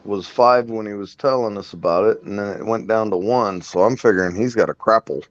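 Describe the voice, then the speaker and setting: A man's voice: fairly low pitch, fairly quick. A man hosting a casual podcast, talking about cars in a rambling way and laughing often. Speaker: podcast host. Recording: dull lo-fi recording.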